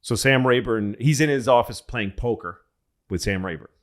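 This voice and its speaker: A comedian telling a rambling, profane history story on a casual podcast, with frequent restarts and asides. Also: male voice, medium pitch, moderate pace, fairly bright tone. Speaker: comedian guest.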